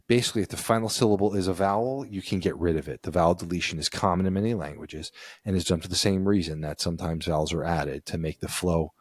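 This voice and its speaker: A man's voice: low-pitched, fast talker, no room sound, studio quality. A man co-hosting a podcast, reading from an article and explaining it in a casual, easy-laughing way; he is from the United States and has kids. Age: adult with children. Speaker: podcast co-host.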